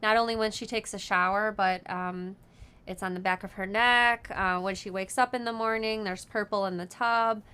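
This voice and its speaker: A woman's voice: medium pitch, steady tone, moderate pace, pushed and bright, clean tone. A woman hosting a casual live show, chatting with lots of ums and easy laughter. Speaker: host of a sewing live show. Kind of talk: casual live-stream chat.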